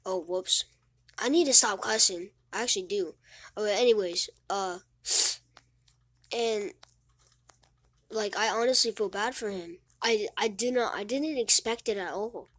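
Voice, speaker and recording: Teenage girl, casual vlog, sad and near tears, halting, repeats words, dry close sound. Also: medium pitch, fairly bright tone, no room sound.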